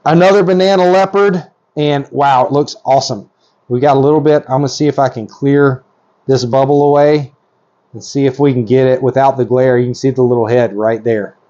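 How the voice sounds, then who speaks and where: A reptile breeder with a mid-pitched voice narrates casually while he works, excited and chatty, with lots of ums and restarts. The audio is slightly dull and lo-fi, captured by a camera mic at working distance.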